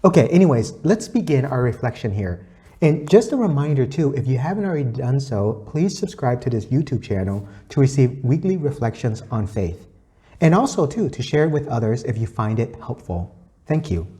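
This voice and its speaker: Guy doing a weekly gospel reflection, warm dark voice, earnest, quotes verses and repeats himself. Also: medium pitch, big pitch swings, moderate pace. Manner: earnest, teacherly, repeats key points, quotes scripture. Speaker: faith reflection speaker.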